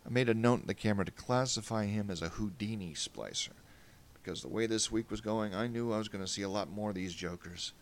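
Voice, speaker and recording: A man narrating a first-person story in a wry, animated way. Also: on the low side, fast talker, a little hiss or hum.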